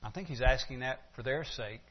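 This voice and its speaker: A man's voice: medium pitch, moderate pace. A man preaching an expository sermon in a conversational way, asking his listeners rhetorical questions. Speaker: pastor. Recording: dull lo-fi recording.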